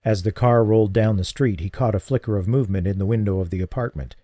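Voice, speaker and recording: Male audiobook narrator, steady and even, with a warm, dark tone; dry, close recording. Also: lowish voice, fast, dry recording. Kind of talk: scripted narration.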